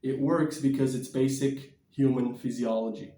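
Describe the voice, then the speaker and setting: A man vlogging about diet and exercise in a blunt, energetic, preachy way, sometimes moving about as he talks. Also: medium pitch, moderate pace, echoey room, far from the mic, a little hiss or hum. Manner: energetic, bouncing and shadow boxing while talking. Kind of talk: casual motivational vlog.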